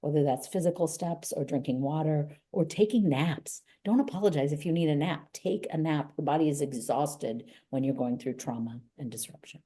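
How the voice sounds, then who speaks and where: A middle-aged woman with a low, mellow voice speaks as an interview guest. She sounds earnest and emphatic, gently urging listeners on. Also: normal speed, hardly any pauses, slightly rough. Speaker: guest, author and gym owner. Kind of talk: motivational interview talk.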